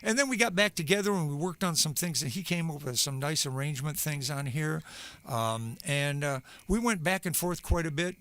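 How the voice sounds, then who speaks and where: A man's voice: on the high side, normal speed, fairly bright tone. A singer-songwriter man chatting on a live stream between songs, rambling and searching for words with plenty of fillers.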